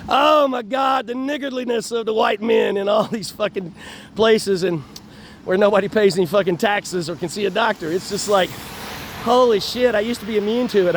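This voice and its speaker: Profane man in his fifties, high voice. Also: a little hiss or hum. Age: 50s. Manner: profane, rambling, laughs between phrases. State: in chronic pain. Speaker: vlogger. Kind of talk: casual rambling monologue. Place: outdoors on an urban street.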